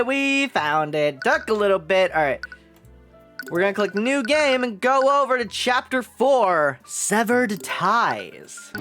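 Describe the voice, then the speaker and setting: A young woman streaming a game live, reacting excitably and swearing freely while reading along. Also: medium pitch.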